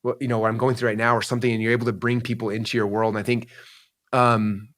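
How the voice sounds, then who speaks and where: A man in his forties tells a personal story as a podcast guest, talking quickly and rambling with many fillers. His voice sits at an ordinary middle pitch, and he sounds emotional and open. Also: level tone, a bit bright. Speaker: entrepreneur guest. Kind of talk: candid interview storytelling.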